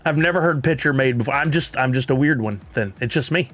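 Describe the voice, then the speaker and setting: A man's voice: mid-range voice, fast talker, a bit bright, soft background music. A man with a Texan accent chatting casually on a live stream, rambling and laughing often while reading chat.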